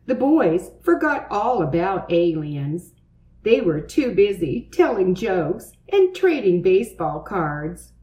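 Lady reading a kids storybook, slow and animated, echoey room. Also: mid-range voice, a little hiss or hum. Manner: expressive, lively. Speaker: narrator. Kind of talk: storybook read-aloud.

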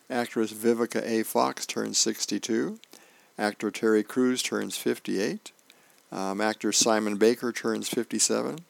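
Man, volunteer radio reader, gravelly, dry close sound, light character voices. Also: fairly low pitch, dry recording. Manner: reads comic dialogue with small voice changes. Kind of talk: reading comics and news aloud. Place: radio reading service studio.

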